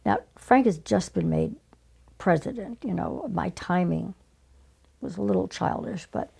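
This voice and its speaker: An older woman telling stories as an interview guest, animated and conversational. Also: lowish voice, a little slow, gravelly, slightly rough. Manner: animated, conversational, acts out remembered exchanges. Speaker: guest, former casting director. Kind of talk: storytelling in conversation.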